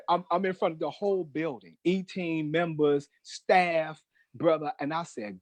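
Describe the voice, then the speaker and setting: A man's voice: a little high, normal speed, a little mellow, no room sound, poor audio. A middle-aged man telling a personal testimony in an emphatic, preacher-like way, often calling the host brother. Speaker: guest, newspaper manager.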